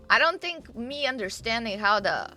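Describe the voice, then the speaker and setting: A woman's voice: a little high, bright, forceful tone. A young woman streaming live, chatting casually and rambling to her viewers with fillers and the odd swear. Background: faint game music.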